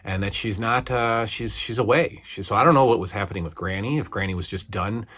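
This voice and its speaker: A man in his forties talks through an old wrestling show in a casual, meandering review. His voice sits a little low, and he rambles, stopping and restarting his sentences with plenty of fillers. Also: a little fast, a bit bright, breathy edge. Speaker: podcast host reviewing old wrestling shows.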